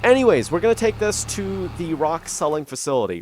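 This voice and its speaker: A man talks his way through a farming game in a loose, rambling way, full of ums and small restarts, fighting off the hiccups. His pitch rises and falls a lot as he goes. A faint hiss sits under the voice. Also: expressive, normal speed. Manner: rambling, easygoing, lots of ums. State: has the hiccups. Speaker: gaming YouTuber. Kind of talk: casual gameplay commentary.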